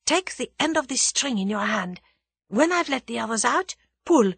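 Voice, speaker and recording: A daring young maid, put on by a female narrator, with a high, lively voice that swings from hushed, urgent tones to shrill theatrical cries. The audiobook voice is a little husky and sits close and dry. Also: moderate pace, no echo, exaggerated voice. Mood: brisk urgent. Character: young French maid, quick-witted and daring.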